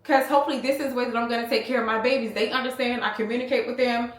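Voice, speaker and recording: Talking very fast in a steady, slightly high voice, an American woman in her thirties chats casually as a beauty vlogger and calls her audience y'all. The clip comes from a small handheld camera in a room at home, with a roomy sound.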